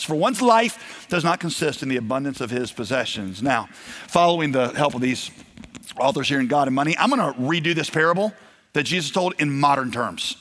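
A man's voice: on the high side, fairly bright tone. A man preaching a sermon in a conversational way, acting out the quoted voices of his stories. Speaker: pastor. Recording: long hall reverb.

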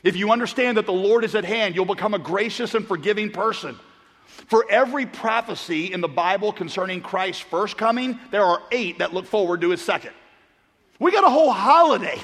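Middle-aged male pastor, high voice, storytelling sermon, long reverb of a big room. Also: lively intonation, a little fast, husky. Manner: storytelling, swings between loud punchlines and hushed earnest asides. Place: large church auditorium.

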